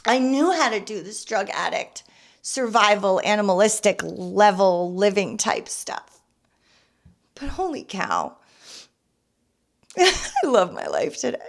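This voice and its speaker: A young woman hosting a podcast, speaking candidly and earnestly about her own past, turning soft and emotional at moments and emphatic at others. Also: mid-range voice, big pitch swings, slow, creaky, long pauses. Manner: earnest and confessional, swinging between soft and emphatic. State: emotional, near tears at times. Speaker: podcast host. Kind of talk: casual personal testimony.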